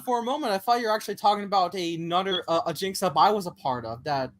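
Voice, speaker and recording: A woman's voice: medium pitch, fast talker. A woman joining a live stream on a voice call, chatting in a playful, teasing way. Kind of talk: casual chat.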